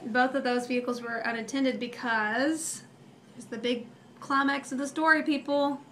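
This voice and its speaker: Young mom rambling through a scary story, kinda high voice, lots of ums, faint hiss behind. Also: female voice, fairly bright tone. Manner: emotional, rambling with many fillers. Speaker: mother telling a family story. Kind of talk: casual storytelling.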